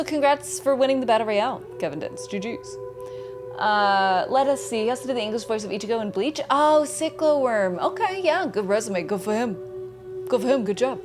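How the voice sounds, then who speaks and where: Slight background noise sits under this gaming streamer's fairly bright, higher-pitched voice. The young adult woman chats casually, reading viewers' messages aloud while greeting and thanking them by name.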